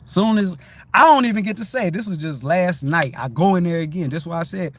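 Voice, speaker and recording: A middle-aged man with a notably high voice talks in a loose, rambling way on a livestream. He keeps checking in with "you know what I'm saying" and bursts into louder, higher greetings as he acts out the people he meets. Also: fairly quick. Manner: acts out his own greetings in a raised voice. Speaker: livestream host. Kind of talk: casual spoken monologue.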